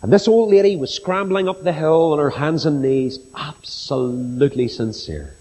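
A middle-aged man preaching a sermon, telling stories slowly and earnestly and building to solemn emphasis. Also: fairly high pitch, lively intonation, warm tone. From Ireland. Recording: long reverb of a large hall.

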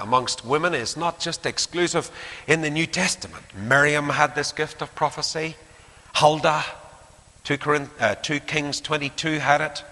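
A man preaching a sermon, animated, acting out quotes and dropping to hushed asides. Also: mid-range voice. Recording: long hall reverb.

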